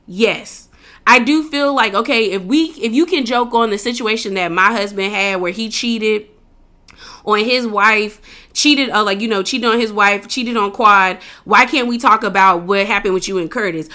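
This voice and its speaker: Chatty, opinionated woman with a bright voice. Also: medium pitch. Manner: chatty, opinionated, slangy, animated retelling. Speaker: reality TV recap host. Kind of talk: casual recap commentary.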